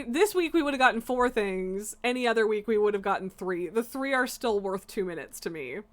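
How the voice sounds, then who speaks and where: A young woman streaming a game, ranting in exasperation and laughing between swears. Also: medium pitch. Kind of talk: casual live-stream rant while gaming.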